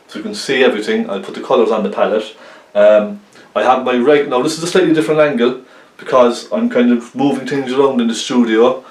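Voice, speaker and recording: Chatty man teaching painting. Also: medium pitch. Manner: friendly, rambling, lots of ums and "isn't it?" tags. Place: painting studio, indoors. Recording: echoey studio room.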